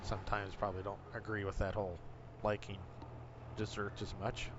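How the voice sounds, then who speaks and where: This middle-aged man's voice sits on the low side, monotone and fairly quick, as he swears his way through a casual rant on his gaming livestream. His ranting flares into angry outbursts, and the lo-fi stream sound is dull with a faint hum of vehicles.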